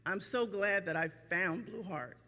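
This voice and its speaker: A middle-aged woman giving an emotional, grateful speech as a parent at a ceremony, with many pauses and ums. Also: mid-range voice, pushed and bright, in a large hall. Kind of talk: heartfelt speech. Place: event hall.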